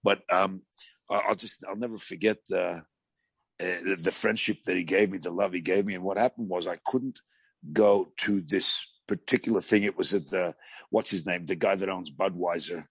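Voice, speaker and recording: A man with a gravelly voice, a talk show guest telling rambling anecdotes with many restarts. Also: sits low, steady tone, moderate pace, no room sound. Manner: rambling storyteller with frequent restarts.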